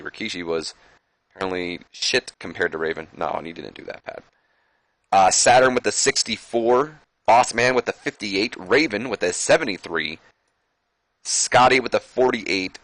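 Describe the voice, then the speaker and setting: A man's voice: low-pitched, a bit bright, no echo. A man giving casual, self-mocking commentary on a game, reading out match results and ratings. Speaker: let's-play commentator.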